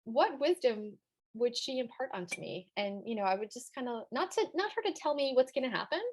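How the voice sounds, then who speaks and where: A woman's voice: on the high side, very animated, fairly quick. A woman in her thirties, a guest on a podcast, talking in an earnest, sentimental, casual way. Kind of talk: casual interview chat.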